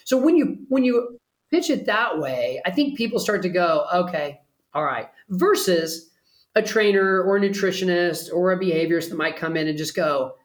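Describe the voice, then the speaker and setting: A man's voice: high voice, animated, normal speed, reverberant. A man, a pet trainer guest, talking earnestly and persuasively in a casual interview.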